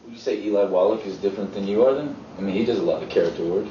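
A man's voice: on the low side, very fast, mellow, slight background noise. A man hosting at an acting studio, asking his guest short, probing questions. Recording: distant, roomy, lo-fi with faint ambience.

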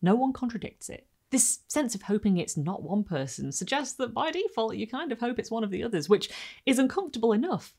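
A woman's voice: a little high, fairly quick, slightly rough. A woman hosting a book video, discussing a short story and reading passages aloud expressively. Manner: expressive reading, lively quotes. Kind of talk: book review and read-aloud.

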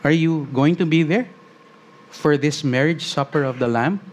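A man preaching a sermon as pastor, earnest, slowing on key phrases and rising as he reads scripture aloud. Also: on the high side, a little hiss or hum.

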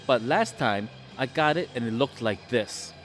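A man's voice: mid-range voice, lively intonation, unhurried, fairly bright tone, soft background music. Chatty man vlogging in a restaurant. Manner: chatty, rambling anecdotes. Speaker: food and travel vlogger. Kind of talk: casual food vlog with storytelling. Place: restaurant sports bar.

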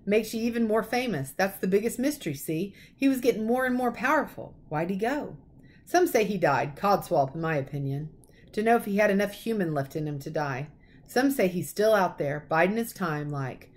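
A woman voicing a huge, gruff but kindly male half-giant gamekeeper with rough folksy speech, read aloud from a storybook. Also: sits high, expressive, moderate pace. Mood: confiding.

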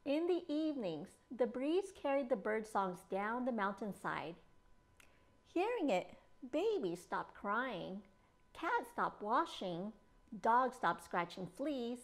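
A woman children's librarian reads a picture book aloud in storytime style. Her voice is high and swoops expressively. She takes her time over each phrase.

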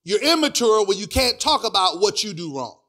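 This middle-aged pastor is high-pitched, very animated, and brisk as he preaches. He fills the sermon with "praise God" and "hear me," shifting from hushed remarks to loud sung delivery.

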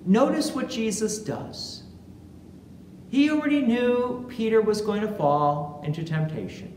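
A pastor preaching a sermon in a church, speaking slowly and deliberately and acting out quotations with animation. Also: medium pitch, very animated, a little mellow, a little hiss or hum. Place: large church sanctuary. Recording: echoey church hall with long reverb, faint ambience.

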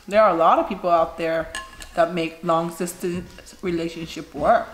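A woman's voice: lowish voice, steady tone, moderate pace. A woman in her thirties, a mukbang vlogger chatting casually while eating and giving frank advice. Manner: chatty, gives frank advice, says "you know" often. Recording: echoey room with faint noise.

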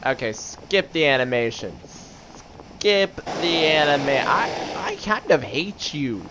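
A man commenting on a video game he is playing, joking, muttering quietly to himself, then bursting out loud. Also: a little high, big pitch swings, slow, background noise. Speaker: let's play commentator. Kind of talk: gameplay commentary. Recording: loud game music behind.

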